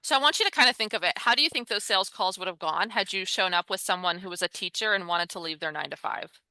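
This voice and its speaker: A woman leading a coaching workshop, guiding with brisk, pointed questions. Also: medium pitch, sharp tone, clean tone, no echo, rough recording.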